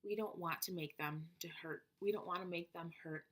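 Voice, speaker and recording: A woman reading a prepared presentation on classroom methods in a steady, explanatory manner. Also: lowish voice, moderate pace.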